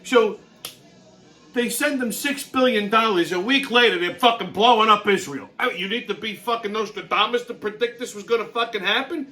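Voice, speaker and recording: A man's voice: high voice, normal speed, bright, forceful tone. A man hosting his show, ranting bluntly in a heavily profane monologue and laughing through his own stories. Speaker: show host.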